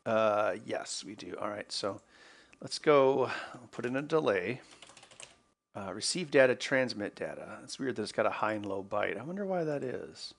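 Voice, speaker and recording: A man's voice: fairly low pitch, lively intonation, normal speed, creaky. A man hosting an electronics video, talking casually to himself as he works through a problem. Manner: muttering to himself while working. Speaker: electronics maker host. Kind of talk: casual work-along narration.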